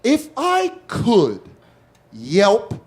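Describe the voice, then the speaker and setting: A man doing stand-up comedy, telling a story with a lively, profane, animated delivery and acting out the other voices. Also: high-pitched, drawn-out words, breathy edge. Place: comedy club stage with live audience. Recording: loud audience laughter behind.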